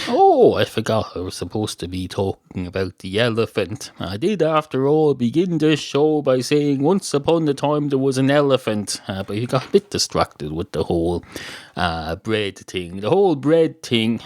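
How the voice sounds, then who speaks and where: An Irish man hosting a podcast, telling a rambling improvised comic story in a deadpan, digressive way with sudden jumps in pitch. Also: no echo, studio quality. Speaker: podcast host.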